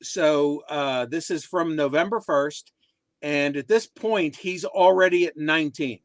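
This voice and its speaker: A man's voice: a little high, measured pace, dry recording. A man co-hosting a casual chat show, making wry, dry remarks. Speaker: co-host.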